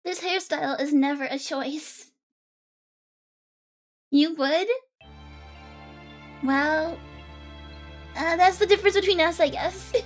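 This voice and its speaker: A bubbly woman streamer chats with her live audience and thanks them eagerly. Her voice is bright and high but a little congested. Soft game music hums underneath. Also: slow, pauses often. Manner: bubbly, chatty, thanks viewers. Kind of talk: casual live-stream chat.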